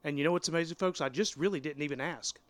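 A man with a somewhat high voice co-hosts a podcast and keeps turning to the audience with playful asides. The sound is dry and close to the mic. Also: fast talker, a bit bright, dry recording. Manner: playful, talks to listeners directly. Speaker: podcast co-host. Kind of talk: casual podcast chat.

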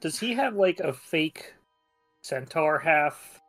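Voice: mid-range voice, lively intonation, slow, fairly bright tone, faint music behind. A young adult player at a tabletop game, chatting in a self-deprecating, laughing way. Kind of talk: tabletop role-play chat.

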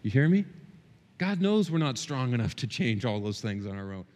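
A man's voice: mid-range voice, big pitch swings, normal speed, a little mellow. Male pastor, middle-aged, passionate sermon, surging and dropping emphasis, long church reverb. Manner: impassioned, rising and dropping sharply for emphasis. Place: church hall.

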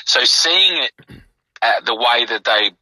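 Man, podcast co-host, playful, teasing, animated pitch, dry close sound. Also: unhurried, no echo, rough recording. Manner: playful, teasing, laughs a lot. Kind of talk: casual podcast chat.

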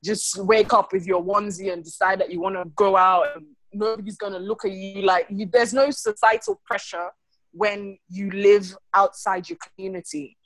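A woman's voice: medium pitch, moderate pace, dry recording, low-quality recording. A young woman from Sierra Leone with a Sierra Leonean accent and a slight British tinge, chatting casually as a guest and sprinkling in "like" and Krio phrases. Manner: chatty, frequent "like" fillers, slips into Krio phrases. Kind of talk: casual chat.

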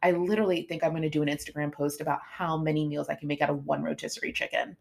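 A woman fitness coach, middle-aged, with a slightly low voice. She talks in a casual, motivational way and acts out what her students said to her. The tone is animated and chatty. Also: racing, vocal fry. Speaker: fitness coach and podcast host.

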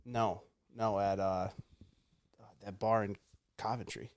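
A man's voice: on the low side, fairly even intonation, slow pace, a little mellow. A young man hosting a podcast, telling a casual story with lots of fillers, rambling and laughing through punchlines. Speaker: podcast host.

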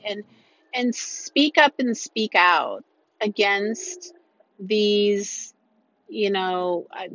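A woman's voice: mid-range voice, fairly bright tone, dry recording. A woman telling a personal story in an earnest, emphatic way, repeating phrases to drive her point home. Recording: dull lo-fi recording.

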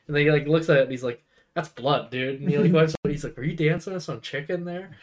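Young man, casual podcast co-host, rambling movie recap, slightly high voice. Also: quick pace. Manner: rambling retelling, lots of fillers and acted quotes.

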